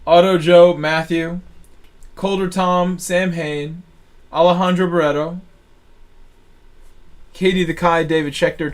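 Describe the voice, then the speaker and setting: A man hosting a racing game live stream, casually thanking supporters and reading out long lists of viewer names. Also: fairly high pitch.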